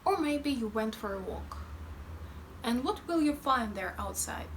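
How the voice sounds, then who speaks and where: Slow Russian-accented woman teaching pronunciation. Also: fairly high pitch, a bit bright, slight background noise. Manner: demonstrates sounds by repeating them in drills; playful, chatty explanations. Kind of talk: slow, careful pronunciation lesson.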